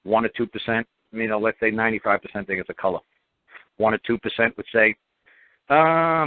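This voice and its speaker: A man's voice: on the low side, lively intonation, fairly quick, no room sound. A man hosting a call-in radio talk show, talking bluntly and emphatically, repeating himself and throwing in mocking asides. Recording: phone-line audio, dry.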